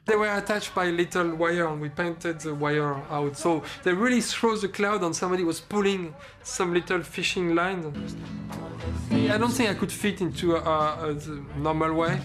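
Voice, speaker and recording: Thoughtful man giving interview answers, a touch high, with music under him. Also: moderate pace.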